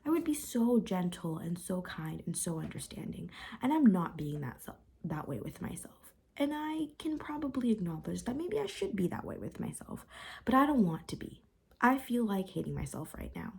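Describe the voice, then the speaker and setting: Young woman, confessional vlog, frustrated, rambling, breathy voice. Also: medium pitch, very animated, normal speed, darkish tone. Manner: candid, rambling, repeats phrases. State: upset and frustrated. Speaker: vlogger.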